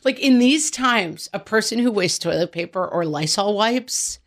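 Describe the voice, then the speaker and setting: A middle-aged woman co-hosting a podcast, chatting casually and telling animated stories. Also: medium pitch, moderate pace, few pauses. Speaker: podcast co-host.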